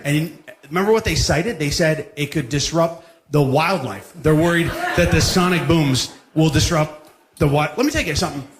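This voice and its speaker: A male stand-up comedian performing a bit, building incredulously to loud punchlines. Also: a little high, roomy sound.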